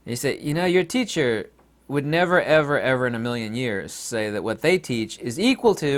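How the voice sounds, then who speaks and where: A man giving an impassioned monologue to camera about Buddhism, emphatic and combative, swinging between loud outbursts and quiet asides. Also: mid-range voice, animated, normal speed. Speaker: video lecturer on Buddhism.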